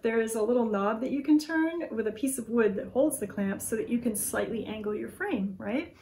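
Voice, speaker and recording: Chatty woman crafter, slightly high voice. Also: brisk, darkish tone. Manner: chatty, thinking aloud with fillers and small laughs. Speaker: craft vlogger. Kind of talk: casual chat to camera.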